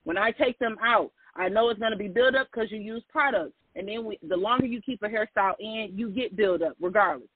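A man's voice: high voice, a little fast, hardly any pauses, husky, dry recording. A man hosting a podcast, chatting casually and giving advice straight to his listeners. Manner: chatty, gives hair tips, often addresses listeners as "y'all". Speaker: podcast host. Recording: tinny phone-like line.

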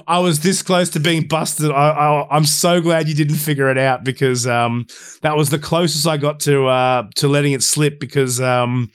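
Man, podcast co-host, lively storyteller, swears freely, acts out quotes. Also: a little high, normal speed, smooth. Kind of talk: casual chat, storytelling.

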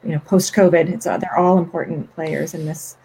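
Gravelly, earnest low-voiced woman. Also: fairly even intonation, brisk, dark tone, a little hiss or hum, rough recording. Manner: earnest, repeats words while searching for them. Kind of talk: casual discussion.

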